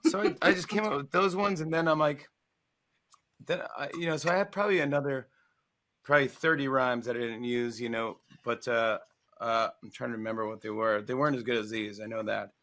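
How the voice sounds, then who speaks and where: Playful man in his forties, guest author, bright lively delivery. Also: mid-range voice, fairly quick. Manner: animated, playful, acts out lines. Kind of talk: casual interview chat.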